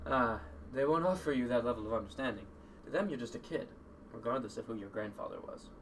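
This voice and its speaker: A man voicing a calm, guarded middle-aged uncle in a crime family, speaking low and measured. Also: lightly acted. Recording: distant mic with noticeable noise.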